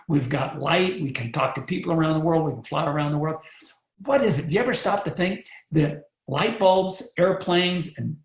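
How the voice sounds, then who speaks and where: A man giving a motivational talk, animated and rhetorical, often asking the listener questions. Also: fairly high pitch, gravelly. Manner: animated, rhetorical, acts out little voices. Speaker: motivational speaker. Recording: echoey room.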